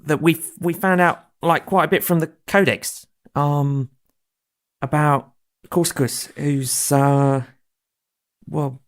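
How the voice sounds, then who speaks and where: A man with a slightly high, gravelly voice who talks slowly. He plays his character in halting, hesitant bursts, stopping often for ums and uhs. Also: fairly even intonation. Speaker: player. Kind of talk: in-character tabletop play.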